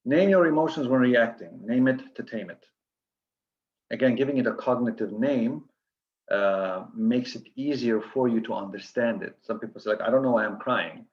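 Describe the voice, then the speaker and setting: A man's voice: mid-range voice, moderate pace, highs cut off. A man giving an earnest coaching lecture to physicians, listing steps with frequent restarts.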